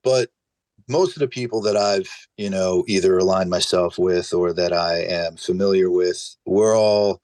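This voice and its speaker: A man from New Jersey with a New Jersey accent, chatting casually on a podcast as a hot sauce maker, animated and swearing freely. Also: sits low, a little slow, no room sound, rough recording. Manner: animated storyteller, curses freely, filler-heavy.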